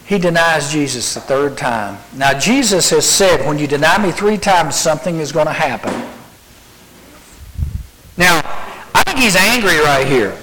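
A middle-aged man preaching a sermon to a youth group, acting out the quoted lines in animated storytelling. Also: on the high side, moderate pace, rough recording.

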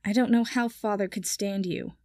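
A woman's voice: medium pitch, steady tone, moderate pace, mellow, no room sound, studio quality, close to an everyday voice. A woman voicing a sour, curt young nobleman who speaks in clipped lines.

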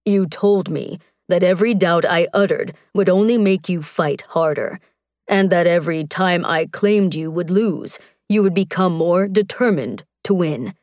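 A woman voicing an earnest, tender barbarian warrior man, speaking slowly and gently. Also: lowish voice, no room sound, studio quality, lightly acted.

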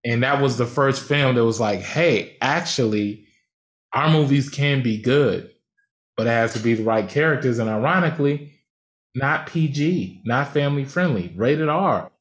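A man's voice: mid-range voice, normal speed. A man hosting a podcast, talking in a blunt, slangy, emphatic way in casual conversation. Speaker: podcast host.

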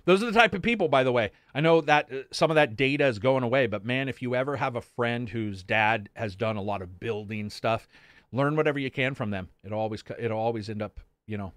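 A man's voice: mid-range voice, dry recording, clean studio sound. A man hosting a casual gaming podcast stream, telling loose, profane stories with lots of laughs and asides. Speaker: podcast host. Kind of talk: casual live-stream chat.

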